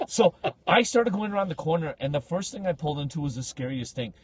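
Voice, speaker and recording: A man telling a story on a casual podcast, slangy and animated, acting out the people in it. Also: fairly high pitch, fast talker, slightly rough, no echo. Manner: animated, acts out quoted speech with big loud jumps; slangy, says bro and like a lot.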